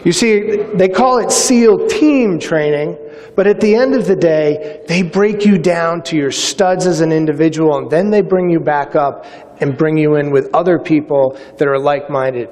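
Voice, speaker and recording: A man's voice: a little high, normal speed. A middle-aged man from Massachusetts giving a keynote talk, telling personal stories with energy and acting out quotes. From Massachusetts, USA. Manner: energetic storytelling with acted-out quotes. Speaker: keynote speaker. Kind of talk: motivational speech with personal stories. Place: conference hall, on stage. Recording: long hall reverb.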